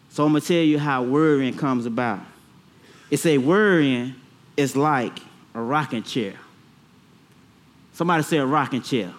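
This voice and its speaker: Male preacher, slightly high voice, call-and-response sermon, repeats and stretches key phrases.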